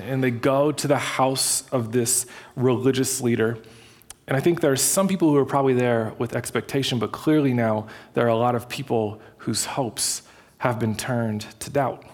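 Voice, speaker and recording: A male pastor preaching in a casual, animated storytelling way, with frequent restarts and filler words. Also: medium pitch. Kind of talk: sermon.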